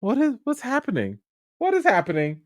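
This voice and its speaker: Guy putting on a freaked-out studio exec, way higher and louder than normal, all frantic questions, dry close mic. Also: wildly swooping pitch, fairly quick, dry recording, full character voice. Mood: panicked. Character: panicked, bewildered male studio executive.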